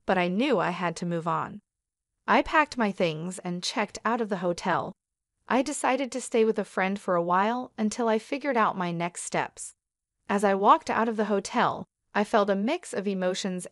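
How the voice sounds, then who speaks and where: A woman narrating a scripted first-person story in a calm, firm way. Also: medium pitch, no room sound, studio quality.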